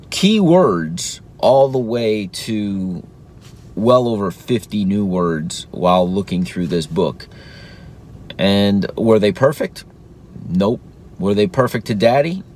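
A man's voice: lowish voice, darkish tone, slight background noise. Earnest dad talking about his toddler. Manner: earnest and encouraging, acts out sing-song praise to his toddler. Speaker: podcast host, father. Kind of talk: casual reflective talk.

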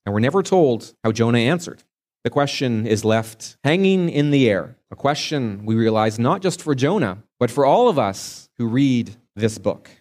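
A man's voice: medium pitch, expressive, normal speed, darkish tone. A man preaching a sermon as a pastor, retelling a scripture story earnestly and stretching key words for emphasis.

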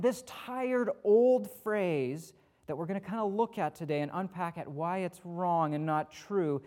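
A man's voice: sits high, a little mellow. A man preaching a conversational sermon as pastor, acting out the people he quotes, with touches of self-deprecating humor. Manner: casual, acts out quoted speakers.

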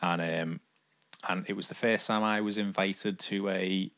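Co-hosting a podcast, this young man talks in a low voice with fairly even intonation, a measured pace, and a fairly bright tone. The conversation is casual and meandering, self-deprecating and heavy on fillers.

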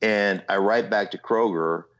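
A man, a guest in an interview, telling an animated story with frequent "right?" asides and mimicked voices. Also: fairly low pitch, measured pace. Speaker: guest, former football player and entrepreneur. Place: remote from home city. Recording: slightly muffled lo-fi audio.

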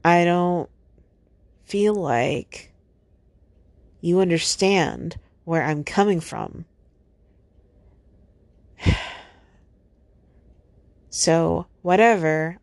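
A woman's voice: deep voice, animated, very slow, creaky, long pauses, no room sound. A young woman hosting a solo podcast, upset and sighing often as she vents. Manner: frequent heavy sighs, upset. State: upset, close to tears. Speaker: podcast host.

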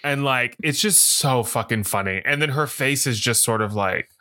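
A man's voice: medium pitch, moderate pace, pushed and bright, no echo, studio quality. A man co-hosting a podcast in casual chat, acting out movie scenes with exaggerated voices. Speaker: podcast co-host.

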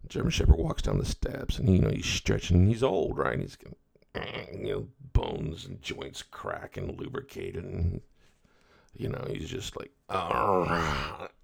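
A man's voice: sits low, huge pitch swings, unhurried, gravelly, a little mellow, husky. A middle-aged man hosting a podcast, telling a story in a folksy, rambling way full of asides. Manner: folksy, rambling, with many "you know" asides. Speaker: podcast host. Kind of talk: casual storytelling monologue.

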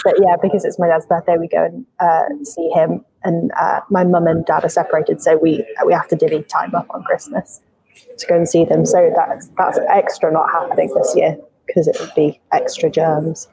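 A woman with a slightly low voice joins the podcast chat. She speaks lightly and casually, pausing on the odd "um". Her tone is easygoing and conversational. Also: flat delivery, creaky, warm tone, breathy edge, no room sound, rough recording.

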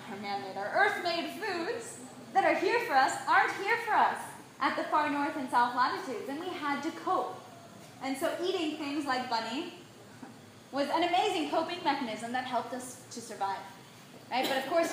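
High-voiced woman lecturing in an echoey room. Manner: animated, checks in with frequent rhetorical "right?". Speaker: nutrition speaker. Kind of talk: lecture to a live audience. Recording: very echoey room, faint background noise.

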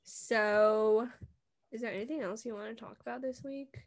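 A young woman co-hosting a casual podcast, telling stories in a giggly, animated way and acting out what people said. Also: fairly high pitch, normal speed. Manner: giggly, animated storytelling with acted quotes. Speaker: podcast co-host. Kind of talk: casual chat.

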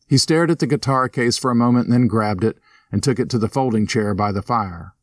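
A man narrating a scripted ghost story in a steady storytelling manner. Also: dry recording. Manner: steady storyteller, voices characters with lifted pitch. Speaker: narrator and host.

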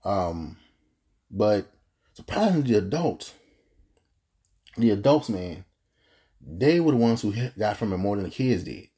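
Young guy rambling thru his own story, kinda low and husky, earnest. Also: big pitch swings, a little slow, pauses often, dark tone. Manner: earnest, rambling, with frequent restarts and fillers. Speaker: podcast host telling his story. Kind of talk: casual personal storytelling.

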